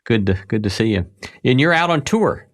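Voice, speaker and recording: A man's voice: mid-range voice, expressive, normal speed. A man hosting an interview show, speaking in a thoughtful, professorial way as he introduces and questions his guest. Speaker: podcast host.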